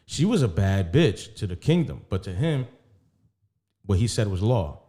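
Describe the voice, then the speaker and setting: A man's voice: lowish voice, sing-song, moderate pace, mellow. A man co-hosting a casual podcast, talking candidly and profanely about his relationship. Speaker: podcast co-host. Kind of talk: casual chat.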